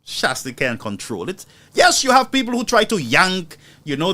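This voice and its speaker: A man's voice: sits high, sing-song, normal speed, hardly any pauses, pushed and bright. Indignant male commentator. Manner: indignant, mocking, rhetorical. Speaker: news commentary host. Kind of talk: impassioned political commentary.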